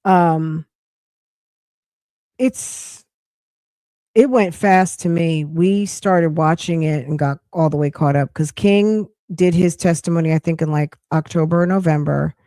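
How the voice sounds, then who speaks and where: A woman hosts a chatty live podcast, her voice getting hoarse. Her tone is low and mellow, and she rambles and restarts as she talks. The sound is dry and close. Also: measured pace, no echo. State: losing her voice. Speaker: podcast host. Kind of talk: casual live-stream chat.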